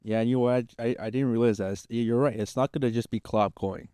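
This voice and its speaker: Mellow young man, slangy co-host. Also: medium pitch, steady tone, fast talker, clean tone, dry recording, studio quality. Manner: loose, slangy, laughs often. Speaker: podcast co-host. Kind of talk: casual sports chat.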